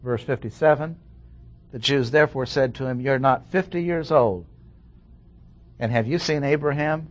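A man's voice: medium pitch, normal speed, pauses often. A man preaching an expository sermon, reading Bible verses and stressing points methodically. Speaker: pastor.

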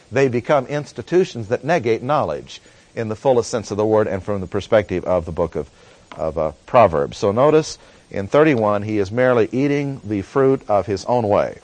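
A man teaching a Bible study lecture in an earnest tone, often pausing with "uh" as he explains words and verses. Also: fairly low pitch, a little mellow, no room sound. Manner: earnest teaching tone with frequent "uh" pauses.

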